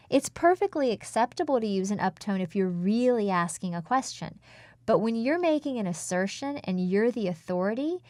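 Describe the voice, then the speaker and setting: A woman speech coach in an interview, explaining speaking technique in a measured, instructive way. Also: mid-range voice, a little mellow, dry recording.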